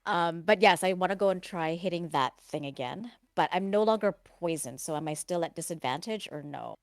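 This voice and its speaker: A woman's voice: on the low side, lively intonation, brisk, no room sound, clean studio sound. A woman playing a tabletop game, talking casually and asking about the rules as she plays. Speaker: player.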